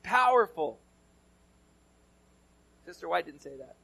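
A male pastor from California preaching a sermon, telling a story conversationally and swinging between loud and hushed delivery. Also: sits high, very animated, takes it slowly, gravelly, slight background noise.

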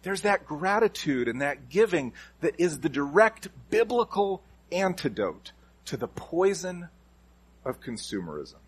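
A man's voice: fairly high pitch, big pitch swings, measured pace, slightly rough. A man preaching a sermon as a pastor, emphatic and repeating key phrases with shifting stress.

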